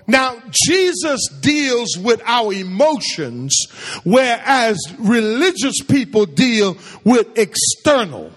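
A man's voice: very high-pitched, big pitch swings, slow, fairly bright tone, long reverb tail. A man preaching a sermon to a congregation, firing questions at them and drawing call-and-response replies. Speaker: pastor.

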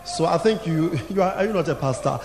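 A man's voice: on the high side, expressive, a little fast, gravelly, a little mellow, pitched below the performer's own voice. A man voicing a self-assured businessman husband, justifying himself in an explaining tone. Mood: smug. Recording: echoey hall, faint room noise.

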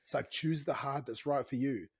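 A man's voice: mid-range voice, normal speed, breathy edge. A man co-hosting a podcast, talking in an emphatic, preachy way and repeating phrases for emphasis. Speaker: podcast co-host. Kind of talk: motivational podcast chat.

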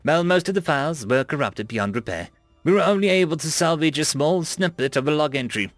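A man's voice: fairly high pitch, lively intonation, fairly quick, dry recording, faint music behind, pitched above the performer's own voice, close to an everyday voice. Guy doing a nervous young alien tech guy, polite, kinda hesitant. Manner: hesitant, deferential.

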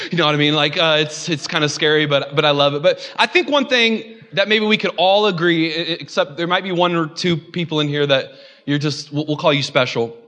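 A young male pastor gives a casual, joking sermon and keeps calling out to the congregation. His voice sits a little high and rings bright and forceful. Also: moderate pace. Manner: joking, chatty, audience call-outs. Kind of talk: conversational sermon.

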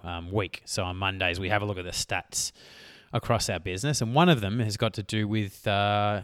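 A man's voice: lowish voice, a bit bright, no room sound, clean studio sound. A man in his thirties, a business coach talking casually and rambling on his podcast, often correcting himself mid-sentence. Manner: rambling, self-correcting, chatty. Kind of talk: solo podcast monologue.

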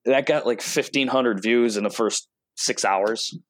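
A man's voice: medium pitch, a little slow, no room sound. Chatty man with a dry sound. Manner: chatty storyteller, acts out quotes. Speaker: automotive product rep and guest. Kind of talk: casual interview talk.

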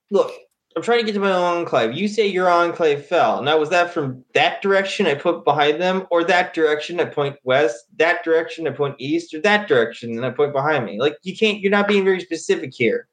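A man's voice: high-pitched, fairly bright tone. A man playing a combative samurai-wannabe woman. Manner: confrontational, swearing. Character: aggressive young female samurai wannabe.

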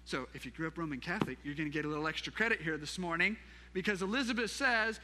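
A pastor preaching a sermon, retelling a scripture story in a lively way with asides to the congregation. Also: male voice, on the high side, fast, long reverb tail, a little hiss or hum.

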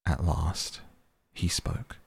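A man narrating a classic children's story in an unhurried, measured way. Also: extremely low pitch, steady tone, vocal fry, breathy edge, dry recording.

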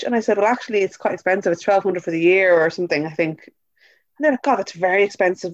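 Irish woman, young adult, rapid teasing chat, slightly muffled dry sound. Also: mid-range voice, dry recording. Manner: quick, wry, teasing. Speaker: podcast co-host. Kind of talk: casual chat.

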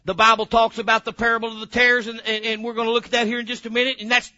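A man preaching a sermon as pastor, emphatic and fervent, breaking into sudden loud bursts. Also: very high voice, level tone, rapid-fire, muffled recording.

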